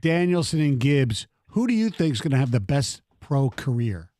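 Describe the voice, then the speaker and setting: Measured male sports radio host. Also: medium pitch, very animated, a little mellow, no room sound, clean studio sound. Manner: asks questions, precise and measured.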